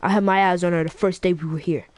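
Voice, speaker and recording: A woman voicing a calm teenage boy turned jealous, speaking low and quietly menacing. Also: fast talker, a little hiss or hum, close to an everyday voice. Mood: cold.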